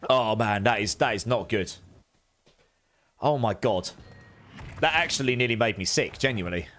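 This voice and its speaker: A man streaming a game live, chatting with viewers in a casual, animated way and groaning through reactions. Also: lowish voice, moderate pace.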